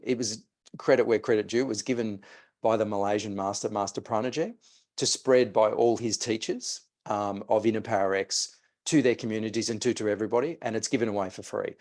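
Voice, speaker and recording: A man's voice: on the low side, fairly quick, a little mellow. A man, a mindset coach telling a client story and guiding a breathing exercise. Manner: storytelling, re-enacts conversations.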